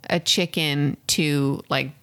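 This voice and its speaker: A woman's voice: sits low, fairly even intonation, takes it slowly, a bit bright, clear, resonant tone. A young woman co-hosting a podcast in casual chat, laughing easily and swearing offhand. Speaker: podcast co-host.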